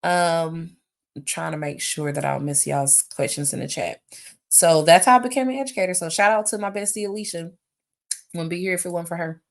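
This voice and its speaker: Woman in her 30s doing a live q&a, low voice, animated and chatty, says y'all a lot. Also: a little fast, creaky. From United States. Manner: animated, chatty, reads questions aloud, addresses viewers as y'all. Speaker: host answering viewer questions. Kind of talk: casual live Q&A chat. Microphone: phone or webcam for a live stream.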